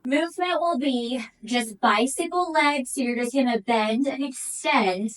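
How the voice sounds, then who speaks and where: A pilates instructor leads a guided workout, her voice sitting high and unhurried as she encourages and counts reps aloud, a bit out of breath. She's far from the mic, and the recording is low quality.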